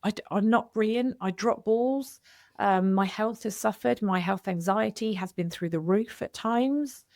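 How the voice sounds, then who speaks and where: A woman's voice: medium pitch, unhurried, a little mellow. Woman, middle-aged, candid podcast guest, earnest, reflective. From United Kingdom. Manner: earnest, reflective, self-interrupting with restarts. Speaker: podcast guest, widow coach.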